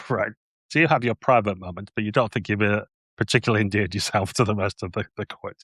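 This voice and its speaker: Low-voiced male game master. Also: a little fast, fairly bright tone, slightly rough, dry recording, clean studio sound. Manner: playful, descriptive, with hesitant restarts. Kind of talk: narrating a tabletop game.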